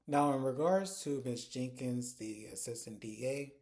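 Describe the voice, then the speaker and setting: Man, TV recap vlogger, mellow tone, mid pitch, chatty, animated, quotes dialogue while retelling scenes. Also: measured pace. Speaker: TV episode reviewer. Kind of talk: casual recap vlog.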